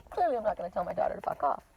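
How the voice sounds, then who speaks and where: Fifty-something lady reading cards out in the windy woods, rambly and chatty, voice jumps all over, wind noise loud behind her. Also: medium pitch, vocal fry. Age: 50s. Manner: chatty, rambling, lots of repeats and laughs. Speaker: oracle card reader. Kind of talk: casual outdoor card reading vlog. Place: outdoors in windy mountain forest.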